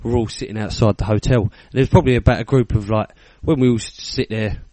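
A lowish British man in his thirties spinning a crude anecdote, full of swearing and laughter. He slips into the voices of the people in the tale. The sound is close and dry. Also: fairly even intonation, fast talker, dark tone, dry recording. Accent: British English. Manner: swearing, laughing storyteller, acts out quotes. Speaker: podcast co-host. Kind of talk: casual chat, storytelling.

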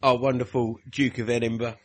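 A man's voice: medium pitch, level tone, a little fast. A man co-hosting a podcast, chatting casually with frequent laughs and hesitations. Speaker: podcast co-host. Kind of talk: casual chat.

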